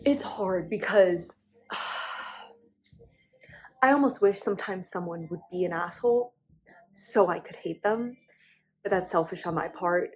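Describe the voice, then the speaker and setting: A woman's voice: fairly low pitch, slight background noise. A young woman speaking candidly to her channel in a personal confessional vlog, emotional and close to tears, with frequent restarts and fillers. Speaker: vlogger.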